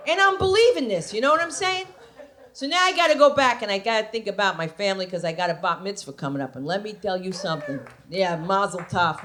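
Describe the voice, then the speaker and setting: A woman comedian from New Jersey telling brash, animated stand-up stories on a comedy club stage. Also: medium pitch, slight background noise. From New Jersey, USA. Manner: brash, animated storytelling with put-on voices.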